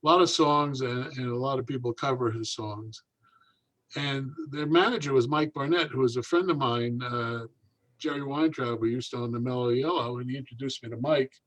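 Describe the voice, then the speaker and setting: A man's voice: medium pitch, moderate pace, rough recording. An older man, a magician, telling a long story in conversation and acting out the people in it. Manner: animated, acts out voices in his anecdotes. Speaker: guest magician.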